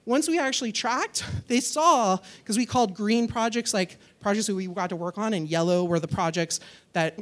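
A woman's voice: mid-range voice, normal speed. A woman giving a conference talk and answering audience questions in a chatty, upbeat way, often using "like". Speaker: conference speaker.

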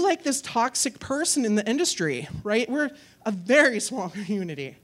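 A woman giving a conference talk and answering audience questions in a chatty, upbeat way, often using "like". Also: fairly high pitch. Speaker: conference speaker.

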